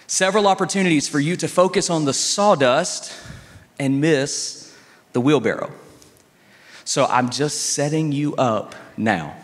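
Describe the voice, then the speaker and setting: A male pastor delivering a sermon in a church sanctuary, telling stories in a relaxed, conversational way with emphatic pauses. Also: fairly high pitch. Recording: long reverb from a church hall.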